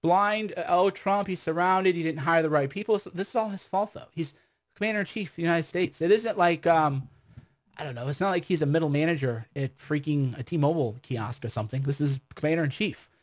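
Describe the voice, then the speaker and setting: A man's voice: on the high side, fairly quick, no echo. A man hosting a call-in livestream, chatty, brash and sarcastic, talking casually with callers.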